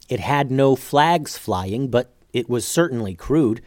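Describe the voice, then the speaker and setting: A man narrating an adventure storybook in a steady, measured way. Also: medium pitch, dry recording, studio quality.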